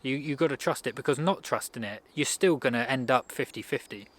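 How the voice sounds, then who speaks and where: A man at an average pitch giving a casual motivational talk. He speaks conversationally and rambles, breaking off and restarting sentences as he goes. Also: a little fast, a bit bright. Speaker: self-improvement speaker.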